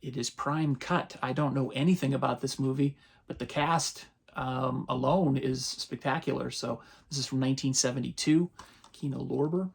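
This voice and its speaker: A man, casually running through his latest movie purchases as a channel host, relaxed and rambling. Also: medium pitch, moderate pace, vocal fry, husky. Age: 50s. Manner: relaxed, rambling, chuckles often. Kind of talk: casual haul rundown.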